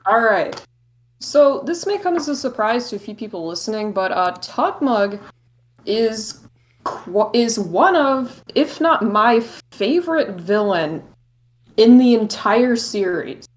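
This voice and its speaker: A woman co-hosting a podcast, chatting casually in quick, excitable, jokey rambling. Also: a little high, slight background noise. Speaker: podcast co-host.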